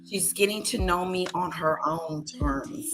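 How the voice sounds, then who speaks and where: A woman's voice: fairly low pitch, animated, unhurried, music in the background, low-quality recording. A woman hosting a live stream, giving casual commentary and repeating her points for emphasis.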